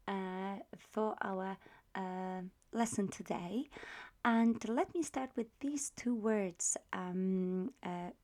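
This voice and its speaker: A woman's voice: mid-range voice, darkish tone. A woman teaching a beginner language lesson, explaining patiently and repeating words for practice. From Poland.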